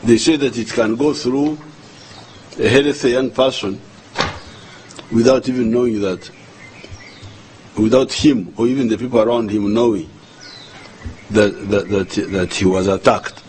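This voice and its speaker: An older man with a Ugandan accent giving a formal address to the nation as head of state, speaking slowly and deliberately and often repeating words as he searches for the next one. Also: mid-range voice, fairly even intonation, darkish tone, a little hiss or hum, poor audio.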